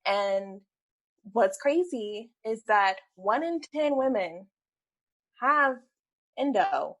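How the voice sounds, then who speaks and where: A woman's voice: fairly high pitch, lively intonation, very slow, rough recording. A woman appearing as an interview guest, an entrepreneur telling her story in an open, earnest way. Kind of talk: conversational interview.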